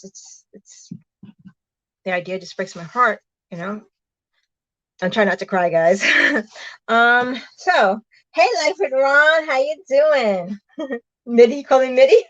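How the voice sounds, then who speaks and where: A middle-aged woman chatting casually on a live stream, bubbly and warm with viewers, often laughing and greeting them by name. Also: a little high, no echo, lo-fi sound. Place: small room in her truck.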